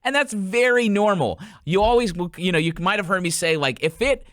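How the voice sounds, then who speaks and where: A man's voice: high-pitched, moderate pace, no room sound, clean studio sound. A man in his thirties hosting a golf podcast, coaching casually and acting out little stories with quoted voices. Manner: animated storyteller, acts out quotes in changed voices.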